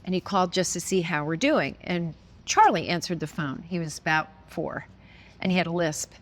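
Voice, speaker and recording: A woman's voice: fairly low pitch, expressive, normal speed. A woman as an interview guest, telling stories casually and expressively, with frequent laughs and hesitant restarts. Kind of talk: casual conversational storytelling.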